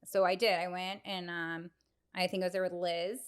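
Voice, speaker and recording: A woman co-hosting a casual podcast, talking into a studio mic. She tells stories with lots of energy, acting out what people said with sudden high jumps in her voice. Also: normal speed, smooth. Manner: animated storyteller, acts out quotes with big pitch jumps and laughs. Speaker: podcast co-host. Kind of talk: casual chat. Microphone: podcast microphone.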